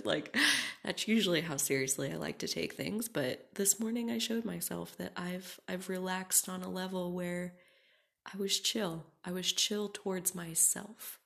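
A young woman hosting a reflective solo podcast, talking casually with many "like"s and often dropping into a soft whisper. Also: on the low side, measured pace, gravelly. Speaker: podcast host.

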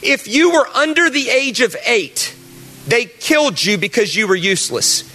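A man preaching a sermon, telling stories and rising to loud, emphatic peaks. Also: very high-pitched, normal speed. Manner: animated storytelling, rises to loud emphatic peaks.

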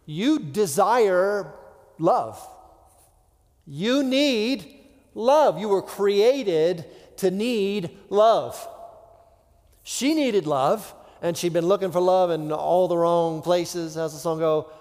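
A male pastor with a high voice delivers a sermon at an unhurried pace. He talks it through conversationally, sinking to hushed, near-whispered words and acting out imagined voices. The long reverb of a church sanctuary trails behind him. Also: lively intonation.

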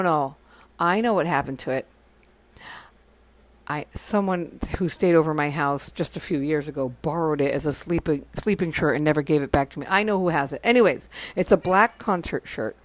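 A woman telling stories on her podcast, overtired, rambling and correcting herself as she goes. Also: sits low. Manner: rambling, self-correcting, acts out quotes. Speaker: podcast host. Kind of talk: casual storytelling monologue. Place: home.

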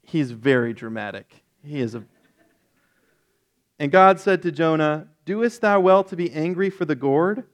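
An unhurried male pastor with a fairly high pitch delivers a casual teaching sermon. He jokes lightly, corrects himself in a relaxed manner, and grows more emphatic when reading scripture aloud.

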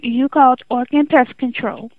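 High-voiced call center woman on the phone. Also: steady tone, normal speed, no room sound. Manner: patient, repeats instructions firmly. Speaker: customer service agent. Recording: tinny phone line.

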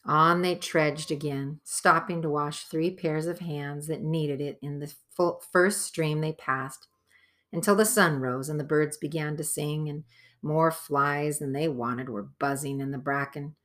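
Audiobook narrator: woman, low voice, bright clear tone, unhurried. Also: steady tone. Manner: measured storytelling. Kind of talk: scripted narration.

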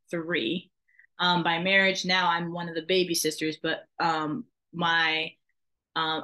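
Young woman rambling about herself on a podcast, low-ish voice but bright and tense. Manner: chatty, laughing, warm-hearted rambling. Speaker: podcast co-host. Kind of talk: casual self-introduction.

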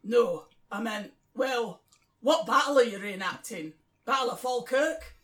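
A woman's voice: fairly high pitch, animated, measured pace, reverberant, far from the mic. A woman with a northern English accent voicing Dean, a polite, awkward Scottish man joining a reenactment group, with a shaky put-on Scottish accent in a comedy sketch. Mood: earnest.

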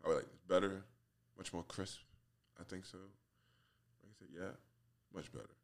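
A man's voice: sits low, moderate pace. A man in his forties hosting a solo podcast, rambling casually, swearing freely and laughing at himself. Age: 40s. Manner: laughs often, swears freely, self-mocking. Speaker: podcast host.

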